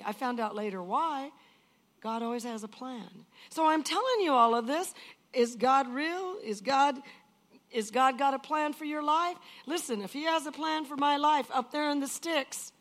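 A woman's voice: sits high, moderate pace, fairly bright tone. An older woman giving an emotional personal testimony in an earnest, emphatic way, often repeating phrases.

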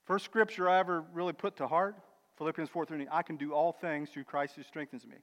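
A high-pitched man preaching in a church hall, his voice ringing with a long reverb. He swings between emphatic, swelling declarations and quiet, conversational asides, addressing the congregation as brother and sister. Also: steady tone, brisk. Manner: emphatic, builds to loud declarations then drops to quiet asides. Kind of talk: sermon.

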